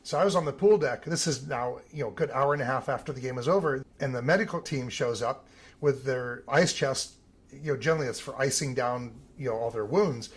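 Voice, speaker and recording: A man, an Olympic team photographer, telling animated stories in an interview. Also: medium pitch, brisk, breathy edge. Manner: animated anecdotal telling with some vivid emphasis. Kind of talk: interview storytelling.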